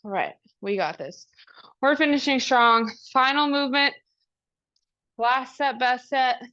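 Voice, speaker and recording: Brief: female workout coach, a touch high, unhurried and encouraging, slightly winded, dull lo-fi sound. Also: sharp tone. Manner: upbeat, encouraging cues with countdowns. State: out of breath. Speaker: fitness coach. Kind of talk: live workout class instruction. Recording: dull lo-fi recording.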